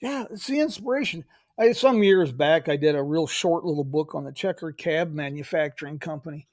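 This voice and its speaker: A middle-aged man hosting an interview, rambling with many pauses and restarts. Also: fairly high pitch, no room sound, clean studio sound. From United States. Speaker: host. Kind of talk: casual interview chat.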